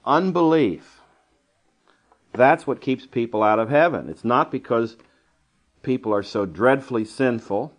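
A man's voice: medium pitch, lively intonation, measured pace, pauses often. A man teaching a verse-by-verse Bible lesson in a conversational style, with dry asides and digressions. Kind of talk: Bible study lecture.

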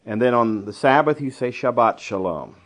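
A man's voice: mid-range voice, expressive, moderate pace, a bit bright. A man teaching a verse-by-verse Bible lesson in a conversational style, with dry asides and digressions. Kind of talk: Bible study lecture.

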